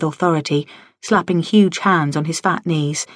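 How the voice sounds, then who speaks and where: A woman narrating a novel in the first person with a wry, lively storytelling manner. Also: sits low, moderate pace, no echo. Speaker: audiobook narrator. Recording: dry studio audio.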